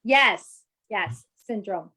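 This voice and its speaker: A woman's voice: medium pitch, animated, extremely slow, pushed and bright, low-quality recording. A middle-aged woman doctor explaining heart health in a chatty, conversational way, with many fillers as she talks. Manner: explanatory, chatty, frequent "you know" fillers.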